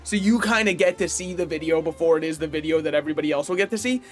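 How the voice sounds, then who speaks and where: Man on a casual game stream; higher-pitched, opinionated rambler who laughs at his own asides. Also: very fast, soft background music. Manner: opinionated, rambling, chuckles often. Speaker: gaming streamer. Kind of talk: casual livestream chat while playing.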